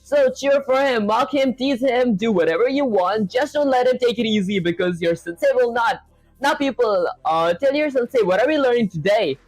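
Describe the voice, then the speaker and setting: A man's voice: very high voice, expressive, moderate pace, no room sound, soft background music, poor audio. A man reading out a boastful, bossy male AI coding sensei in a theatrical, commanding way.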